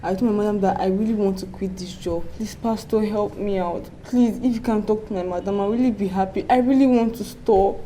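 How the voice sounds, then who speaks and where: A woman playing a housemaid who pleads softly with her pastor. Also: mid-range voice, a little fast, few pauses, slight background noise, lightly acted, poor audio. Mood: pleading. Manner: soft, pleading.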